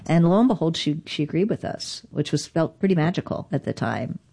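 Woman, very low voice, candid wry storyteller, interview guest. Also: expressive, fairly quick, creaky, warm tone. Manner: candid, wry, self-deprecating. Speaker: interview guest, digital rights advocate. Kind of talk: conversational storytelling.

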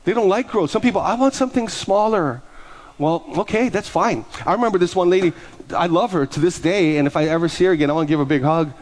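A man's voice: sits high, fast talker, a little mellow. A male pastor preaching a storytelling sermon, acting out both sides of conversations.

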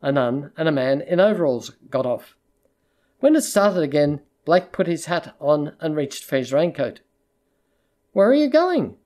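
An audiobook narrator reading a literary short story in a measured, even storytelling voice. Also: mid-range voice.

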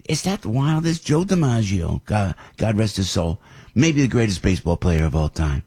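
An older man talks on his radio show in a husky, lowish voice that rises and falls freely. He rambles, restarts and repeats himself as he gets animated. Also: normal speed. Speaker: radio talk show host. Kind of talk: casual radio talk. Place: radio studio.

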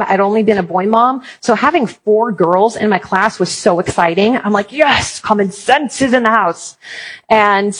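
A woman's voice: medium pitch, low-quality recording. A woman giving a Christian talk to parents, telling stories with humor. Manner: lively storytelling with humor. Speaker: Christian speaker. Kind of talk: conference talk.

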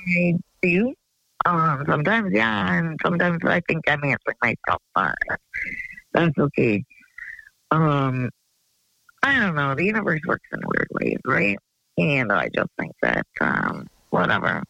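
A woman's voice: deep voice, big pitch swings, a little slow, creaky, pushed and bright, no room sound. A woman calling in to a radio show on the phone, chatting in a rambling, giggly way. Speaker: radio call-in caller. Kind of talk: casual phone chat. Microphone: phone line. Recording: lo-fi phone call.

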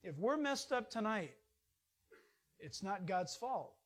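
A man's voice: sits high, sing-song, takes it slowly, a bit bright. Emphatic male pastor preaching. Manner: emphatic, conversational preaching with sudden rises. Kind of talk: sermon.

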